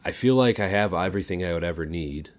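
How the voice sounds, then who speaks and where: A man's voice: deep voice, fast talker, close to an everyday voice. A man voicing a stranded man in a joke, hesitant and rambling as he makes his wishes. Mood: earnest. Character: stranded man, rich and wishful.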